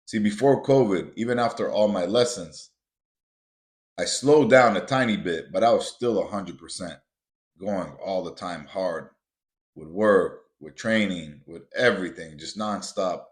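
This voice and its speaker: Deep-voiced man telling a motivational story. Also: unhurried. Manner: builds to emphatic, repetitive punches; casual, addresses listeners as guys. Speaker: podcast host. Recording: roomy echo.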